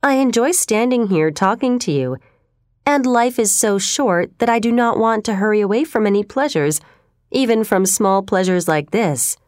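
A brooding, intense man who probes and presses, as a woman reading a storybook puts him on. His pitch swings widely, close and dry with no room sound. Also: animated, moderate pace, darkish tone, dry recording, close to an everyday voice. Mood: musing. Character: brooding, intense, unsettling male customer.

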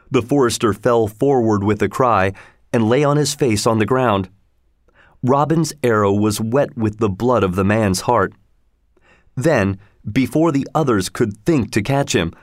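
A man reading a storybook aloud in a measured, even way. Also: mid-range voice, no echo, clean studio sound. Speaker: narrator. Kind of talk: scripted storybook narration.

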